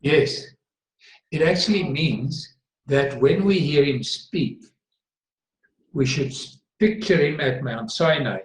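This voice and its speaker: A man's voice: a little high, slow pace, long pauses. A man teaching Bible topics in a conversational discussion, earnest and emphatic, often repeating words for stress. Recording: roomy echo.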